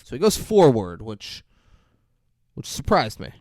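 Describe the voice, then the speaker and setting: A man's voice: mid-range voice, a little slow, no echo, clean studio sound. A man co-hosting a podcast, casually reviewing a film and acting out its scenes in quoted voices. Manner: animated storyteller, acts out scenes in quoted voices. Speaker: podcast co-host.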